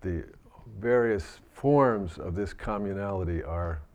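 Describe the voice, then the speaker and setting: A man giving a Buddhist dharma talk, gentle and reflective, often restarting his sentences. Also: sits low, slow pace. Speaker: Buddhist teacher.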